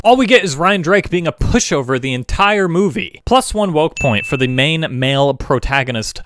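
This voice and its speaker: A man giving a mocking, sarcastic movie review with deadpan asides, recorded as a close voice-over. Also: fairly high pitch, normal speed, hardly any pauses, slight background noise. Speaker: YouTube film critic.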